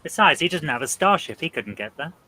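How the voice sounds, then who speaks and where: A man's voice: fairly high pitch, very animated, fast, sharp tone, rough recording. A man from County Durham, England, competing in a trivia quiz and trading witty jokes. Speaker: quiz contestant. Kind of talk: casual chat.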